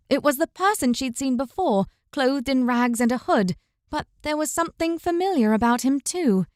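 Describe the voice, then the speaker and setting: A woman with a high voice reads a fantasy audiobook in a measured, even storytelling manner. The recording is close and dry, with no room sound at all. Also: dry recording. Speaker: audiobook narrator. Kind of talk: scripted fantasy audiobook narration.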